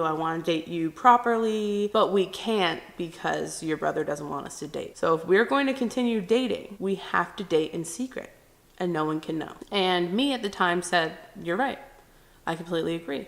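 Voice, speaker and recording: A woman's voice: fairly low pitch, fairly bright tone. A young woman talking candidly to the camera, telling a personal story and acting out what people said. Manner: candid, chatty, acts out quotes. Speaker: vlogger.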